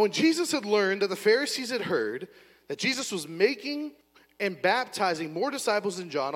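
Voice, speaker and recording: A man with a high voice preaches to a congregation, telling a story with animated, acted-out energy. His voice rings with the long reverb of a large church hall. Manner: animated storyteller, acting out scenes with a volunteer. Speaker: pastor. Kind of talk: sermon with storytelling. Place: church auditorium.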